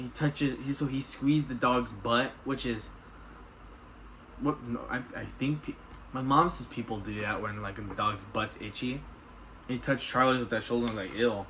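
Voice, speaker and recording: A man in his own casual voice, rambling through a recap of a TV episode. He stops and restarts often and slips into quick impressions of the characters. A faint hiss sits under the voice. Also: medium pitch, fairly bright tone, low-quality recording. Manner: rambling, restarts a lot, reenacts characters' lines. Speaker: TV episode reviewer.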